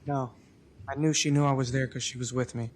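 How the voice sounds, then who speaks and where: A man testifying as the defendant in a courtroom, giving flat, subdued answers. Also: medium pitch, a little fast. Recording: courtroom audio with faint background noise.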